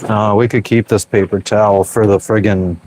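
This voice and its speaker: A man's voice: lowish voice, level tone, normal speed, a little mellow, a little hiss or hum. Casual, profane man chatting on a boat. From Pennsylvania, US. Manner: loose and profane, answering viewers. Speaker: sailing vlogger reading live chat. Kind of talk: casual live-stream chat. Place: small boat cabin while cooking.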